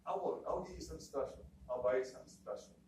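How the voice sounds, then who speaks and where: A man quoting an excited, kind female schoolteacher, eager and stumbling over her words. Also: medium pitch, racing, slight background noise, lightly acted. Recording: echoey room from a distance, faint ambience.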